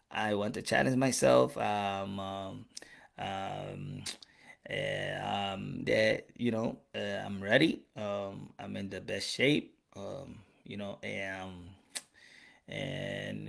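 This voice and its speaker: A soft-spoken male boxer who mumbles and hesitates through his answers, as a man puts him on. He fills the gaps with halting filler sounds. He talks low and quietly. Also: creaky, exaggerated voice.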